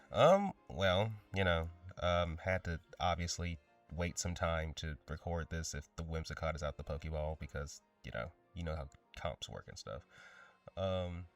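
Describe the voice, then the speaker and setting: A young man giving blunt, slangy commentary on his own game, repeating himself a lot. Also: sits low. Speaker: draft league player. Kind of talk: casual gameplay commentary.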